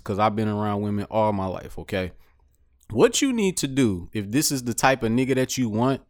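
A man's voice: on the low side, darkish tone. A middle-aged man co-hosting a casual podcast chat, ranting bluntly with lots of profanity.

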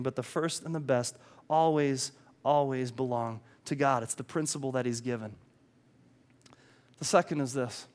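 High-voiced man preaching a sermon. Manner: earnest preaching, voicing God and people in quotes, drops to soft emphasis. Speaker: pastor.

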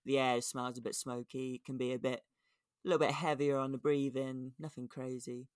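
Pria santai beraksen Inggris. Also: male voice, mid-range voice, level tone, a little fast, clean tone, no room sound, clean studio sound. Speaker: podcast co-host. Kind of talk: casual chat.

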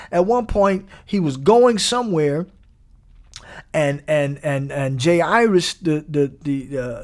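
A man preaching a sermon, animated, repeating phrases and rising to emphatic peaks. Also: sits high. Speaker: pastor.

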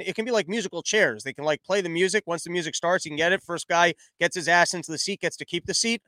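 Man, comedic storytelling monologue, stammering restarts, clear smooth voice, dry mic. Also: high voice, quick pace, hardly any pauses, bright, forceful tone, no room sound.

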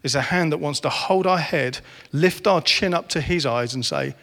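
A man's voice: a little high, normal speed, bright, forceful tone. A man in his forties preaching a sermon, earnest and rising to impassioned. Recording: reverberant hall.

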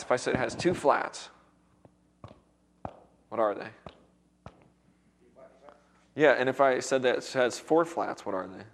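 Guy teaching a worship band class, casual and chatty, keeps asking "you guys get that?", a little worn out voice. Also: medium pitch. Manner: casual, encouraging, checks in with the class often. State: recovering voice. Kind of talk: classroom music theory lesson.

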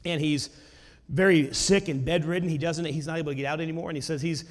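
Male preacher, high-pitched, storytelling sermon that rises to emphatic exclamations, long reverb of a church hall. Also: steady tone, fast talker.

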